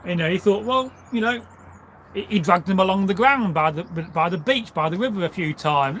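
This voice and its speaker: A man's voice: high voice, normal speed, fairly bright tone, slight background noise. A man telling a folk tale casually on a livestream, rambling with asides and fillers. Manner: rambling, full of asides and "you know" fillers. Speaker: storyteller. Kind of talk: casual spoken storytelling on a livestream.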